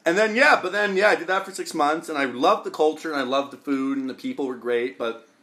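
A young Canadian man from Calgary, a guest in a casual chat, telling travel stories in an animated, jokey way with frequent swearing. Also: on the high side, brisk.

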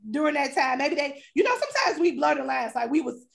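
A woman co-hosting a casual chat show, talking in a blunt, animated and profane way. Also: high-pitched, fast, vocal fry. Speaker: podcast co-host.

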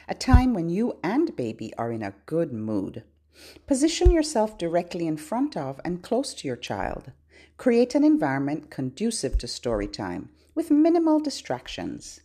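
A woman hosting a podcast as a children's librarian speaks in a gentle, instructive way. She takes her time over the scripted tips. Her delivery moves in wide swings of pitch. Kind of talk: scripted podcast narration giving tips to parents.

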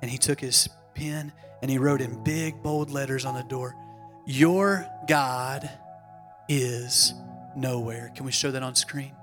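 A man's voice: mid-range voice, fairly even intonation, slow pace, a bit bright, soft background music. A man, a pastor, preaching a sermon and telling a story with dramatic emphasis, acting out the voices of the people in it.

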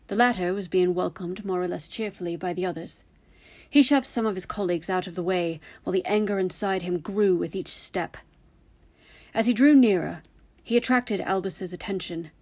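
A woman narrating a story in a steady, even reading voice. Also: fairly low pitch, normal speed.

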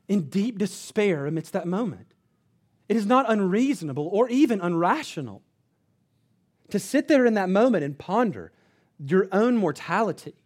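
High-voiced earnest man preaching. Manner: earnest preaching, dropping to low quiet emphasis. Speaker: pastor. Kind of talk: sermon.

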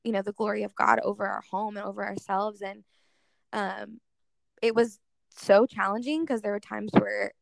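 Young woman with a gravelly, fry-laden voice. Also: mid-range voice, fairly even intonation, moderate pace, no room sound. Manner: earnest, heavy use of "like" as filler. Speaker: guest speaker in worship ministry. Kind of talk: casual interview storytelling.

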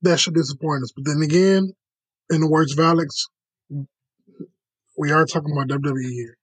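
A man hosting a casual podcast, moving the conversation along and recapping what happened. His voice is a bit higher than most men's and sounds dry and close, with no room echo. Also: steady tone, normal speed, husky.

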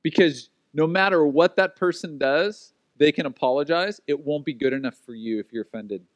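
A man delivers a sermon in a slightly high voice, with animated storytelling. He slips into the voices of the people in his stories as he preaches. The sound is dry and close. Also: normal speed, no room sound. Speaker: pastor.

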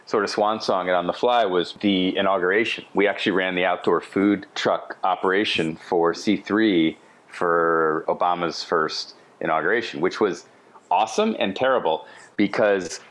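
A middle-aged man telling anecdotes as a podcast guest, casual and animated with chatty asides. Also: sits low, normal speed. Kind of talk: casual storytelling.

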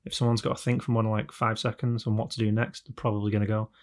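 A man's voice: fairly low pitch, flat delivery, fast talker. A man hosting a podcast, chatting casually and swearing now and then. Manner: chatty, swears, mimics announcer voices. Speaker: podcast host.

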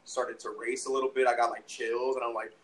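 A man's voice: medium pitch, flat delivery, fairly quick, a little hiss or hum, rough recording. A young man tells a story in casual conversation, rambling and profane, with lots of restarts and fillers. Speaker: podcast guest, musician.

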